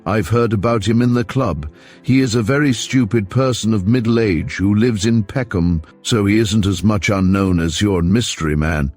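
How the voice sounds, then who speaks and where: A smooth, smug crook passing himself off as an officer, as a male narrator reads him, courteous on the surface with a mocking edge underneath. The voice sits low. Faint music hums behind. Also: moderate pace, a little mellow, close to an everyday voice. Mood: sly. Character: smooth male crook posing as a Canadian major.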